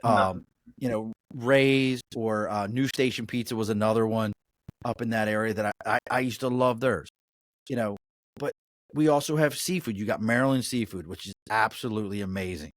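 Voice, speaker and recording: A man's voice: lowish voice, moderate pace, dry recording. A middle-aged man with a Baltimore accent, chatting casually as a podcast guest, blunt and profane in his storytelling. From Mid-Atlantic US. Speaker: podcast guest, business owner. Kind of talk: casual chat.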